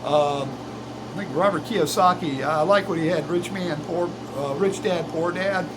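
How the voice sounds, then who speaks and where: An older retired vlogger stands by an old truck in his workshop, chatting casually about his plans in a folksy, meandering way full of fillers and restarts. His voice is fairly high and a little slow, with background noise present.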